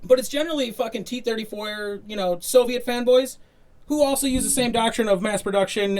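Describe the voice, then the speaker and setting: A young man with a Wisconsin accent, co-hosting a casual podcast, rambling and swearing constantly as he jokes around. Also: high-pitched. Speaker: podcast co-host. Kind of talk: casual profane banter.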